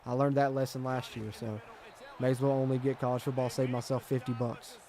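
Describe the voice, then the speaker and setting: Brisk and warm, his mid-range voice keeps a level tone as he streams a football video game. The gaming streamer reads viewer comments aloud, his mood swinging between frustration and hype.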